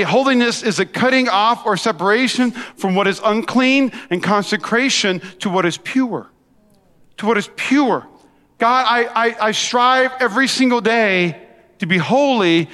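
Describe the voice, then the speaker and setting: A middle-aged man preaches a sermon in a high, bright voice, animated and quick with asides to the crowd. His voice rings with a long reverb through a large church hall. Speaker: pastor.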